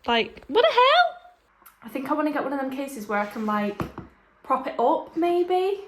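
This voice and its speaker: A woman's voice: high voice, animated, moderate pace, a little hiss or hum. A young woman chatting casually in a vlog, frank and ranting, swearing freely. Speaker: book vlogger.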